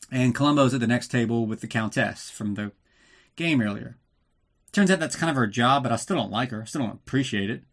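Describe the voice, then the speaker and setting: A medium-pitched man keeps a brisk pace as host of a casual podcast recapping movies. He rants with sarcasm, swears a lot, and drinks throughout.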